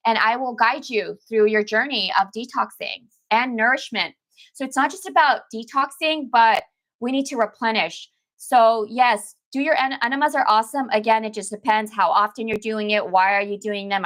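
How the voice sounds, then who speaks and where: A woman detox coach, her voice a little high and a bit bright at normal speed, talks casually to viewers on a live stream. She repeats phrases emphatically and addresses them as "baby" and "girl."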